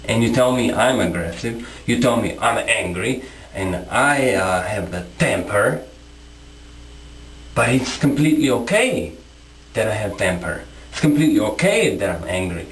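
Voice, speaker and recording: Male vlogger, combative rant to camera, lively swinging pitch, echoey room. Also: a little slow, slight background noise. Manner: confrontational, repetitive, rhetorical questions. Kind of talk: impassioned monologue to camera.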